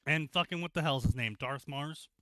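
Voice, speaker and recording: Male streamer, bright and smooth-toned, animated and sarcastic, crude asides, dry close mic. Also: a little high, normal speed, no room sound. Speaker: co-host reading fanfiction aloud. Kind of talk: casual livestream commentary.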